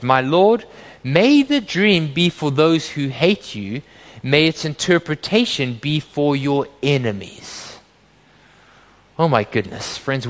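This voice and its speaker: High-voiced preacher in a reverberant hall. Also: male voice. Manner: earnest, animated preaching with quoted voices. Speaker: pastor. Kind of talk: sermon.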